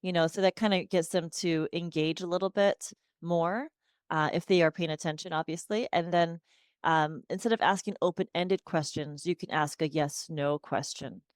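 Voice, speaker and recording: Lower-pitched woman, smooth and chatty. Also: steady tone, moderate pace, no echo, clean studio sound. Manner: chatty, sing-song when modeling speech to children. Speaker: guest speech-language pathologist. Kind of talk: casual interview conversation.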